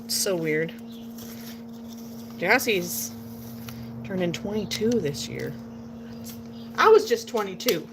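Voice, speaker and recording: A woman's voice: mid-range voice, expressive, slow pace, pauses often, background noise. A woman in her late thirties from Portland, Oregon, chatting casually and rambling in a folksy way while she works, recorded on a phone outdoors. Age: 30s. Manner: rambling, folksy, drifts into a playful southern drawl. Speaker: vlogger. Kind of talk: casual chat while crafting. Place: outdoors at home. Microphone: phone nearby.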